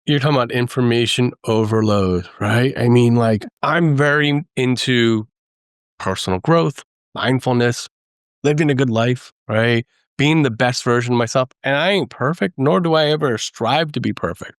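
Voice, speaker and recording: A man telling stories in casual podcast talk, lively and self-deprecating, often acting out the voices of the people in his stories. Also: mid-range voice, moderate pace, no room sound, clean studio sound. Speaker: guest. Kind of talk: conversational storytelling.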